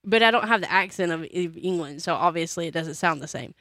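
A woman's voice: on the low side, a little fast, dry recording. An American woman chatting casually, telling stories with lots of fillers. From United States. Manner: chatty, animated storytelling with many fillers. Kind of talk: casual chat.

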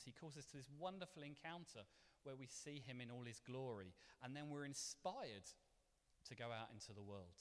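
Guy preaching in church, chatty and playful, voice jumps all over, big echoey hall. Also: on the high side. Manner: conversational and animated, with playful asides. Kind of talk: sermon. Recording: long reverb of a church hall.

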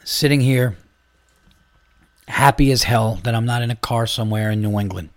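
A man hosting a podcast, telling stories in a casual, animated way, acting out quotes and swearing freely. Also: mid-range voice, moderate pace, no room sound. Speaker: podcast host. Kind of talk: casual chat.

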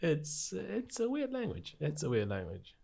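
A man's voice: a little high, wildly swooping pitch, a little slow, creaky, darkish tone. A man in a casual group chat, explaining his point and repeating words as he thinks. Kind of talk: casual banter.

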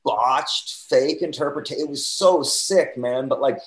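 A man telling stories in casual chat, slangy and excitable, heavy on fillers. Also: mid-range voice, unhurried. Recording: echoey room.

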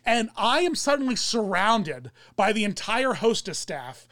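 Brief: young man, high voice, dry close sound, rambling casual storyteller. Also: very animated, measured pace, a bit bright, no room sound. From German descent. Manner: rambling storyteller, many fillers and restarts. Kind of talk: casual chat.

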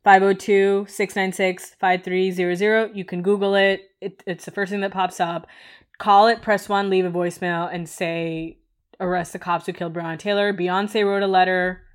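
A woman's voice: medium pitch, flat delivery, moderate pace. A woman co-hosting a podcast, talking casually with lots of fillers and a frustrated edge. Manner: rambling, frequent "like" fillers, frustrated. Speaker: podcast co-host.

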